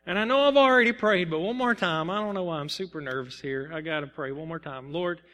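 A man, preaching a sermon as pastor of the church, earnest and halting, full of fillers and restarts. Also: fairly high pitch, pushed and bright, big-room sound. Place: church sanctuary.

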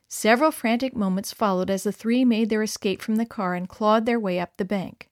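A woman narrating a story in a clear, expressive read-aloud manner. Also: mid-range voice, a little fast, hardly any pauses, dry recording, studio quality. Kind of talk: scripted narration.

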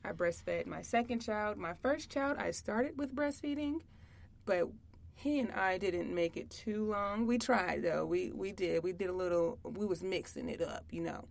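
A young woman co-hosting a casual podcast about motherhood, chatty and quick to laugh. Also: medium pitch, expressive, gravelly. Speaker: podcast co-host. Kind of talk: casual chat.

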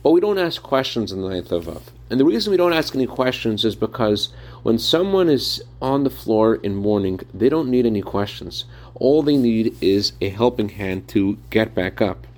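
A man's voice: on the low side, animated, moderate pace, a little mellow. A man giving a short Torah talk, telling a story in an earnest, reflective way. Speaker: Torah teacher.

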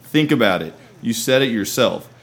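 A man's voice: mid-range voice, lively intonation, moderate pace, creaky, breathy edge. A man acting in a comedy sketch, talking in an earnest, naive, matter-of-fact way. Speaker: comedy podcast co-host.

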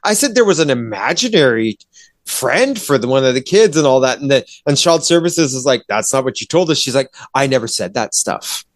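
A man's voice: mid-range voice, animated, fairly quick, hardly any pauses, dry recording. Exasperated man ranting, dry close sound. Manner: exasperated, profane, acts out characters in quoted voices. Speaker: movie reviewer. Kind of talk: casual podcast rant.

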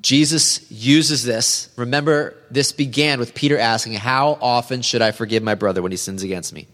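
A man preaching an earnest, measured sermon as a pastor, reading scripture aloud. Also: mid-range voice, fairly even intonation, a bit bright, big-room sound.

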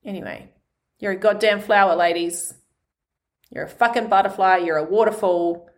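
A woman's voice: medium pitch, steady tone, normal speed. A woman hosting a podcast, giving a passionate, heartfelt motivational monologue full of emphatic swearing. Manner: heartfelt and vulnerable. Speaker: podcast host.

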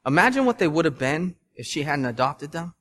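A pastor in his thirties preaching in a church, his voice sitting a touch high for a man. He talks with earnest emphasis, moving between gentle, quiet appeals and loud, driving bursts. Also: very animated, a little fast. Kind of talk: sermon. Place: church sanctuary.

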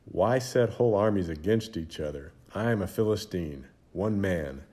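A man's voice: animated, warm tone. A man voicing a huge, boastful giant warrior who taunts and laughs at his foe in a children's Bible storybook. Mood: challenging. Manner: booming, taunting, slow menacing laughter. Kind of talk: storybook character voice.

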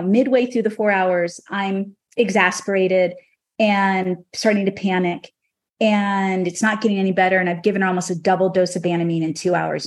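Emotional woman telling a horse story. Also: medium pitch. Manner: emotional, animated storytelling with restarts. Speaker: horse trainer and podcast guest. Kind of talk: personal storytelling on a podcast.

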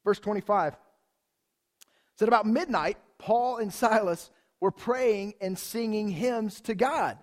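A man with a high voice preaches to his congregation in a church. He talks in a lively, conversational way and keeps throwing rhetorical questions at the listeners. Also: takes it slowly, pauses often. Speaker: pastor. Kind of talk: sermon.

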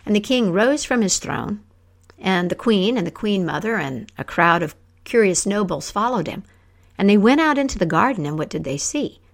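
A woman telling a folk tale aloud, acting out the characters with lively voices. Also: mid-range voice. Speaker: storyteller. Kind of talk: oral storytelling.

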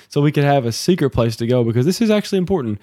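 A man co-hosts a home-recorded devotional podcast, preaching earnestly with a mellow, dark tone. He sits close to the mic in a dry home office. Between exhortations he teases his co-host lightly. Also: fairly high pitch, lively intonation, quick pace, no echo. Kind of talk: casual devotional podcast talk.

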